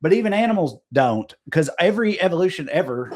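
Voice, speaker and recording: A man's voice: on the high side, sing-song, fast talker. A man co-hosting a comedy podcast, explaining things in a rambling, profane, casual way. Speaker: podcast co-host.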